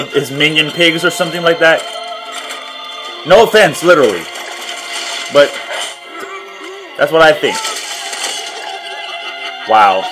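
A man with a fairly high pitch reacts casually to a cartoon as a video host, laughing frequently and exclaiming "wow" over and over. The recording is rough, with music in the background.

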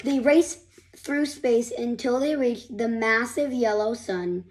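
A woman with a high voice reads a children's picture book aloud at an unhurried pace. She reads expressively, now and then tripping over a word and starting the phrase again. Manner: expressive read-aloud with slips and restarts. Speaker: storybook reader.

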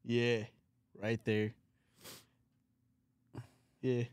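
A man's voice: mid-range voice, monotone, drawn-out words, clear, resonant tone, no room sound. A man hosting a comedy podcast, telling crude, rambling stories in casual banter. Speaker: podcast host.

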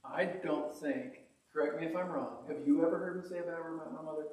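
A man with a slightly high voice preaches in a loose, storytelling way and pokes fun at himself as he goes. He sounds as if he is standing well back from the mic. The room gives off a heavy, hollow echo. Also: fast. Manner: folksy, self-deprecating, animated storyteller. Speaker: pastor. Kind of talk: conversational sermon with storytelling. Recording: echoey church hall, mic at a distance.

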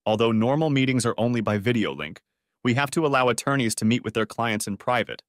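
A man's voice: medium pitch, quick pace, no echo, natural voice. A man voicing a courteous, formal county sheriff in an audio-book story, dry and close. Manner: polite, accommodating, formal. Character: courteous middle-aged male county sheriff.

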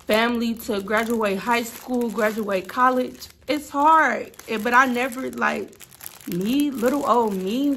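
A woman in her twenties, a college student, talking earnestly and with faith straight to her viewers in a casual vlog. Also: on the high side. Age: 20s. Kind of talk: casual heartfelt vlog chat. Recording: loud road traffic noise behind.

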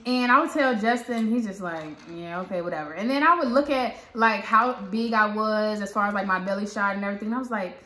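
A woman vlogger with a Southern American accent, chatting and retelling a story with lively quoted dialogue. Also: mid-range voice, a little fast, hardly any pauses. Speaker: parenting vlogger. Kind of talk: casual storytelling. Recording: echoey room.

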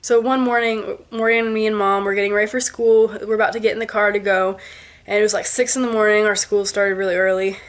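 A woman in her twenties, a vlogger, telling a ghost story to camera in an animated way, with sound effects and quoted voices. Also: medium pitch, fast. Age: 20s.

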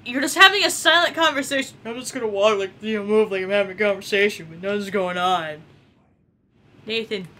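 A young woman casually commenting on a game she is playing, excitable and giggly, swearing often. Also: medium pitch, fairly quick, slight background noise. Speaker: gameplay commentator. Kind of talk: casual let's-play commentary.

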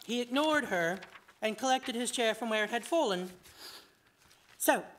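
A woman reading her own short story aloud at a fiction night, in an expressive storytelling manner. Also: fairly high pitch, normal speed.

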